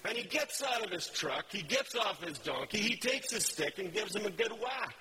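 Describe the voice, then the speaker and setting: A man's voice: sits high, lively intonation, normal speed, pushed and bright, a little hiss or hum, poor audio. A man giving a casual, rambling sermon, with many fillers and self-corrections as he talks through slides. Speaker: preacher.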